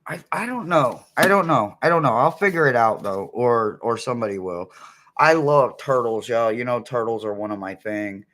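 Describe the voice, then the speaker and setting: A man's voice: medium pitch, normal speed, a bit bright. A man tarot reader on a live stream, laughing almost nonstop and exclaiming giddily while unboxing a deck.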